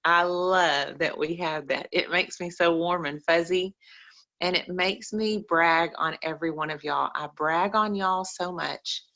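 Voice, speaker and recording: A woman's voice: fairly low pitch, a little slow, bright, forceful tone, highs cut off. A woman, speaking earnestly and emotionally to a group on a video call. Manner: emotional, earnest, repetitive phrasing. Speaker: call participant. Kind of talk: heartfelt group-call testimony.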